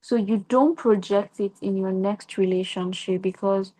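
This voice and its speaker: A woman's voice: mid-range voice, fairly even intonation, measured pace, warm tone. A young adult woman with a Nigerian accent, a podcast guest giving earnest advice in casual conversation and posing rhetorical questions.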